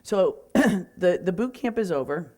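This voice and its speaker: Chatty woman with a lowish voice. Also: lively intonation, a little slow, darkish tone. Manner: chatty, rambling, self-correcting with many fillers. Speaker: real estate speaker. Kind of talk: casual storytelling.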